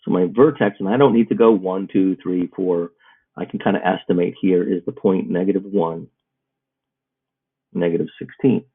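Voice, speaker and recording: A man with a low, husky voice speaks at a normal speed, teaching a math lesson in a recorded video. He works through the problems in a steady, step-by-step way, and the audio sounds muffled, like a phone.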